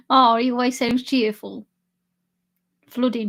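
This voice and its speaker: A woman's voice: fairly high pitch, animated, unhurried, gravelly, long pauses, a bit bright. A young woman live streamer chatting casually with her chat and laughing often while she drinks. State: drinking alcohol.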